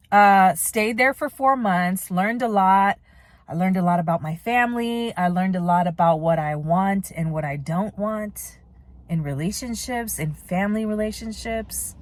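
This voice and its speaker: A woman's voice: lowish voice, no echo. A young woman from the United States telling a rambling, candid story to her vlog audience and swearing freely. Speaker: vlogger.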